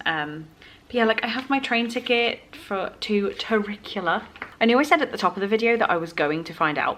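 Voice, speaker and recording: A woman's voice: on the low side, bright, forceful tone. A woman chatting casually in a book vlog at home, rambling with fillers and self-corrections. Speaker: book vlogger. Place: home, indoors.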